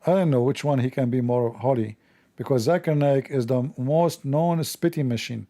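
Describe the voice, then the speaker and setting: A man's voice: mid-range voice, normal speed, dark tone. A man hosting a mocking religious commentary show, sarcastic and scornful, in broken English. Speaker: host.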